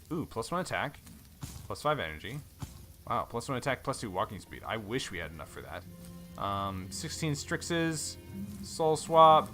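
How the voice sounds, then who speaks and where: A man chatting through a game in a bright, clear voice, easygoing and musing as he weighs each choice. His talk is loose and full of little fillers. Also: medium pitch, low-quality recording. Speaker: let's play host. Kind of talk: casual gameplay commentary and reading.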